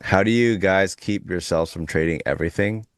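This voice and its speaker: A man's voice: deep voice, moderate pace, no room sound, clean studio sound. A man hosting a live trading chat, joking bluntly and relaying viewer questions to the panel.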